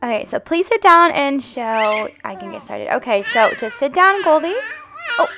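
A woman hosting a family game roleplay as the mom, gentle and motherly in a singsong way. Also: high voice, sing-song, moderate pace, soft background music. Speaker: channel host roleplaying the mom.

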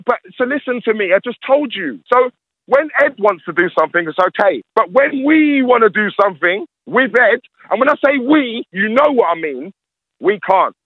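Ranting high-voiced man, tinny. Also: animated, normal speed, dry recording. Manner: ranting, emphatic, repeats himself. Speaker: guest. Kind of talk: heated radio interview. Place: radio studio.

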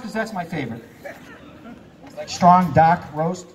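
Expressive and a little slow, this man's voice sits on the high side as he plays stage hypnotist in a live theater. Distant live sound picks up a faint crowd and slight background noise while his patter gives volunteers playful commands, punctuated by frequent laughter.

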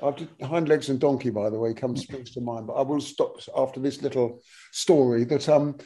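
A man in his sixties, a guest musician telling rambling, animated stories with lots of restarts and casual swearing. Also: mid-range voice, normal speed. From England. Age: 60s. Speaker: guest musician, bass player. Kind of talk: casual anecdotal interview talk.

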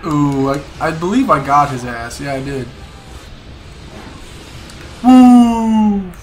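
A young man streaming a game, excitedly commenting, swearing and repeating words to himself. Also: mid-range voice, moderate pace, slight background noise. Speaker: gaming streamer. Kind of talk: casual gameplay commentary.

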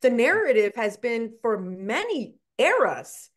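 A woman's voice: fairly high pitch, big pitch swings, unhurried. Earnest woman educator on a video call. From Chicago, USA. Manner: earnest, emphatic, with frequent "right?". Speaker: educator and guest. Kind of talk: casual video chat.

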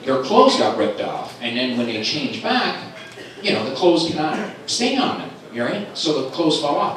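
A middle-aged man doing a stand-up set at a comedy club, telling stories animatedly and jumping into high squeaky voices for other people. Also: sing-song, normal speed, a bit bright. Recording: live club recording from a distant mic, with an echoey room and crowd noise. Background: audience laughter.

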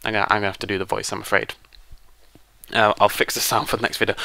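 A British man giving joking, excitable gameplay commentary as a let's play host, shouting at the game. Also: fairly low pitch, rapid-fire, vocal fry, no echo.

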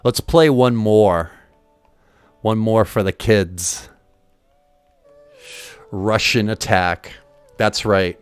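A man streaming retro games and commenting casually, excitable and jokey, swearing often as he plays. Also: on the low side, extremely slow, pauses often, clean tone, dry recording, faint music behind.

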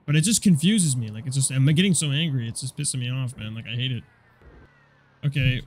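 A young man giving casual, profane commentary over a car combat game, rambling and quick to get annoyed. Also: mid-range voice. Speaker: gameplay commentator.

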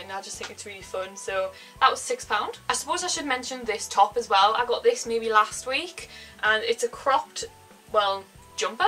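Bright-voiced chatty young Geordie woman. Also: fairly high pitch, rough recording. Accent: North East English. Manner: rambling, filler-heavy, says "like" often. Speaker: fashion vlogger. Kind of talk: chatty haul vlog. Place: home, indoors.

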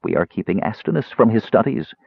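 A proud, icy woman cleric, as a male narrator puts her on, talking crisply in a raised voice that still sounds husky. Her phrasing is formal and clipped, with lively rises. The recording is dry and a little dull. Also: lowish voice, brisk, full character voice. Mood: cold crisp.

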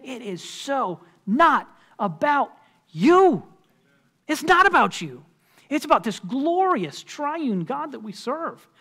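A man's voice: very high voice, fairly bright tone. A man preaching a sermon as pastor in a church, conversational and emphatic, with frequent filler words. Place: church sanctuary.

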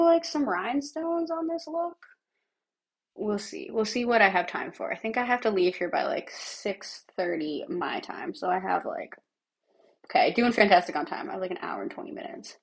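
Raspy-voiced woman chatting through makeup. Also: mid-range voice. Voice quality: raspy, like a smoker. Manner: chatty, thinks aloud while working, drops to near-whispers. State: lingering cough. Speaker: livestreamer. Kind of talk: casual makeup tutorial chat.

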